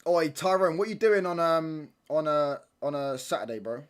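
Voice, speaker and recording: A man's voice: fairly high pitch, lively intonation, moderate pace, smooth. Rambling man bantering with chat. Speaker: livestream watchalong host. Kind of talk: casual chat with a live stream chat.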